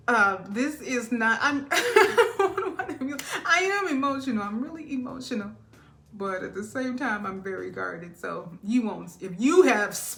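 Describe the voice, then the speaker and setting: A woman's voice: fairly high pitch, a bit bright. Chatty woman giving a tarot reading. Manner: chatty, laughs often, drifts off topic. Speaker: tarot reader.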